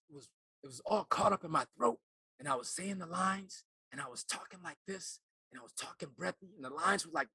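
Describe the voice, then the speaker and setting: A middle-aged actor turned life coach tells a personal story in an earnest, fairly high, bright and forceful voice. The recording is dry and close with no echo, and he halts and repeats words as he remembers.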